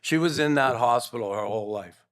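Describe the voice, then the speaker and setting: Older man, gravelly, earnest storyteller, casual interview chat. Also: mid-range voice, brisk, fairly bright tone. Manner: rambling, earnest, with restarts. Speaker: guest, former pro hockey player.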